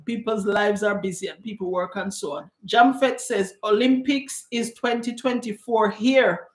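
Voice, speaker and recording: A woman's voice: medium pitch, normal speed. A woman hosting a live cooking stream, chatting and greeting viewers by name as she reads their comments. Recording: echoey room.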